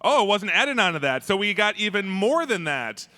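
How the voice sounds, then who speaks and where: A man's voice: high voice, very animated, normal speed, pushed and bright. A man hosting a convention closing ceremony on stage, joking loosely with his co-host as he reads out sponsor names. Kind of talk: live stage banter. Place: large convention hall stage. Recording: convention hall with crowd noise. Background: crowd and room noise.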